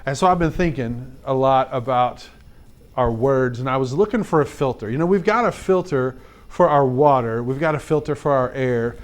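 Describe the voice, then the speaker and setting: Man telling a lively story to kids. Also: mid-range voice, moderate pace. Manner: animated, chatty storytelling with repeated "like" and direct questions to kids. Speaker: teacher. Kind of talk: storytelling lesson for fifth graders.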